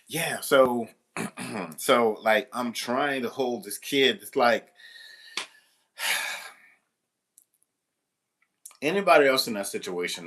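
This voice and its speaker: A man's voice: mid-range voice, bright, forceful tone. A man working as a substitute teacher tells a story casually to the camera, rambling, restarting, and swearing freely.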